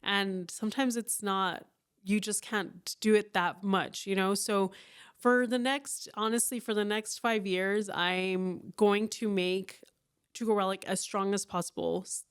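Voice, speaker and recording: Smooth-voiced woman around forty, candid and animated. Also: medium pitch, a little slow. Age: about 40. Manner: candid, animated, acts out her own thoughts in quoted asides. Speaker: business owner, guest. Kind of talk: casual interview talk.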